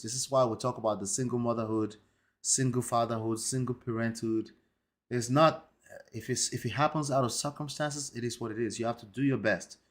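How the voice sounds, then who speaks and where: A man hosting a commentary show, talking emphatically and tagging points with rhetorical questions. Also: medium pitch. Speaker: host.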